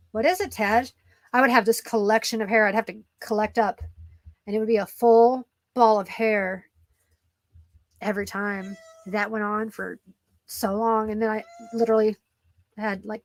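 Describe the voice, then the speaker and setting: A woman's voice: on the high side, dry recording. A woman vlogging casually from home at her computer, rambling with lots of fillers and cooing at her cat. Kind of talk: casual chat to camera. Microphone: computer microphone.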